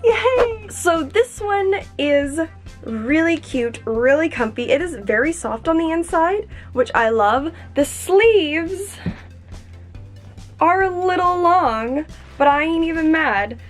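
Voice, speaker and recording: A young woman gushing excitedly as she unboxes and tries on sweaters in a vlog, bubbly and full of exclamations. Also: sits high, slow, soft background music. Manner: gushing, bubbly, repeats "oh my gosh". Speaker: vlogger.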